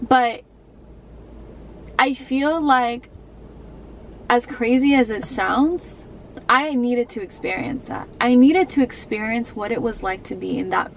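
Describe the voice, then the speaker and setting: A woman's voice: fairly high pitch, creaky, slight background noise, poor audio. A young adult woman vlogging to camera, telling a personal story in an emotional, rambling way with many fillers and restarts.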